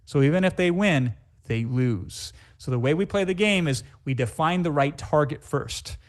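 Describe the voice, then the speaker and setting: Speaking at a normal pace, this man is animated as he runs a live webinar sales pitch. He's a sales trainer whose emphatic, hype-heavy delivery leans on repetitive lists.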